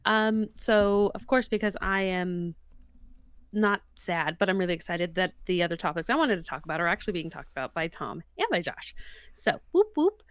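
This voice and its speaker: A woman's voice: on the low side, a little fast, a bit bright, smooth, dry recording. A woman co-hosting a casual podcast, giving a bubbly, rambling rundown of entertainment news. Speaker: podcast co-host. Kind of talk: casual chat.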